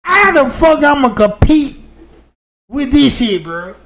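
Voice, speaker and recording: A man hosting a livestream, telling a crude comic story in an animated rant that jumps between loud outbursts and low muttered asides. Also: takes it slowly. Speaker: livestream host. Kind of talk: profane comedic storytelling rant.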